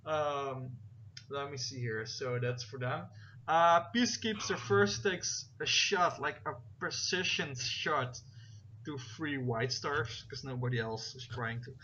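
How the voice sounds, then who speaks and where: A man narrating a tabletop game as game master, his voice bright and forward. He rambles with plenty of fillers and stops to check the rules aloud. The recording sounds dull and lo-fi, with a faint hiss behind him. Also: medium pitch, animated, unhurried. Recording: dull, lo-fi voice chat with faint noise.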